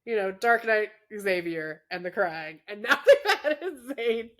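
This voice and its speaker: A woman's voice: mid-range voice, sing-song, a little slow, a bit bright. A woman co-hosting a podcast in casual chat, teasing and laughing often. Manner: giggly, teasing. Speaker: podcast co-host.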